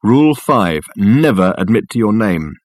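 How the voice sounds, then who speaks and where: A man voicing a smug, eccentric male private detective who lectures in a pompous, crisp way. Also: lowish voice, big pitch swings, moderate pace, dry recording, studio quality. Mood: lecturing.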